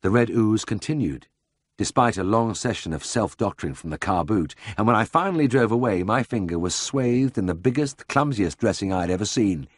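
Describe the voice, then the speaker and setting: A man narrating a first-person memoir audiobook in a measured, dry storytelling manner. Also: fairly low pitch, lively intonation, no room sound.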